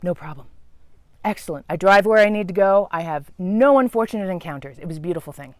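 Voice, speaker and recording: A woman tells a story to camera with a lively, theatrical delivery. Her pitch climbs and dips all over the place, and the sound is dry and close. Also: fast, no room sound. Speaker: travel vlogger.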